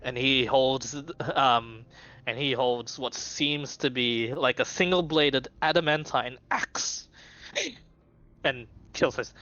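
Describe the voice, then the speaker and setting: A man's voice: medium pitch, slow pace, pushed and bright. A man narrating a tabletop game as game master, rambling with lots of fillers. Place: home streaming setup. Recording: dull lo-fi stream audio with faint music.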